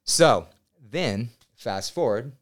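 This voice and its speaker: A man in his thirties, a podcast guest, telling a personal story in a casual, animated and excitable way, swearing now and then. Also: medium pitch, slow, slight background noise. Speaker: podcast guest, real estate agent.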